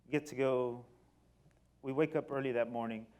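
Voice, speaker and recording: A middle-aged man giving a personal storytelling talk on stage, animated, moving between loud excited bursts and quiet low passages. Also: normal speed. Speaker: company speaker. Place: stage before an audience.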